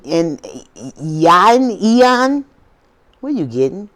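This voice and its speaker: Drawing out her words, a woman speaks in a fairly bright voice on the low side, with big swings in pitch. As host of her own spiritual video channel, she preaches casually to viewers, repeating herself and firing rhetorical questions in an informal drawl.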